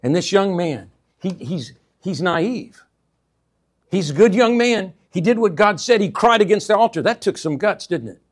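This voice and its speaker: Male pastor, higher-pitched voice, call-and-response sermon delivery with sudden loud emphasis. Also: animated, a little slow, breathy edge. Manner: swings between hushed asides and loud emphatic bursts; call-and-response, repeats 'amen?' to the congregation.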